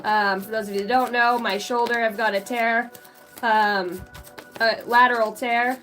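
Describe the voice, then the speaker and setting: A woman's voice: on the high side, steady tone, measured pace, a bit bright, soft background music. A woman with an American country accent hosting a casual psychic live stream, chatty and profane, greeting viewers in the chat by name.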